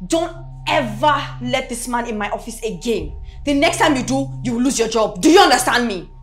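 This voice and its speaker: An actress playing a bossy woman who runs a construction company, snapping orders and flaring into angry shouts. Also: on the high side, animated, normal speed, soft background music, natural voice. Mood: furious. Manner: bossy, bursts into furious shouting. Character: sharp-tongued woman boss of a construction firm. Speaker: company boss. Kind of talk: film drama acting.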